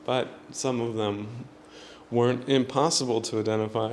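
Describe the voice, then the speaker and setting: A man's voice: medium pitch, fairly even intonation, normal speed, a little hiss or hum. A man hosting a solo podcast, rambling through his thoughts with many fillers and chuckling at his own jokes. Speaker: podcast host.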